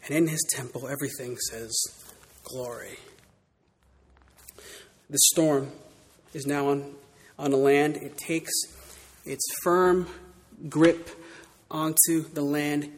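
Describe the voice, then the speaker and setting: A man preaching a sermon in church, dramatic, swinging from loud declarations to hushed words. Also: on the high side, fairly even intonation, takes it slowly, long reverb tail. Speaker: pastor.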